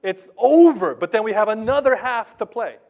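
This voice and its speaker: Man, sermon, animated preacher, slightly high voice, loud-to-hushed swings. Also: a little fast. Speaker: pastor.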